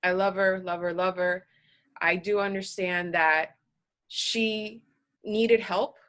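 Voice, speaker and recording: A woman guest on a podcast, telling her personal story in an earnest, halting way, emotional and close to tears. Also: on the low side, fairly even intonation. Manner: earnest, halting, with restarts and soft laughs.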